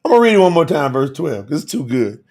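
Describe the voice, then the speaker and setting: A man teaching scripture on a livestream, animated and colloquial, who keeps laughing and calling viewers by name. His voice sits high for a man. It swings widely as he speaks. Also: quick pace. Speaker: bible teacher.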